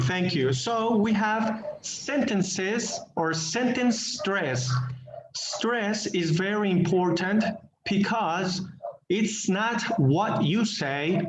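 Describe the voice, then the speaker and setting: Slow, deliberate male English teacher. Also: high-pitched, a little hiss or hum. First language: Spanish. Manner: slow, deliberate, repeats words while searching for them. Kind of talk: online class lecture. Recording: echoey, dull online class audio.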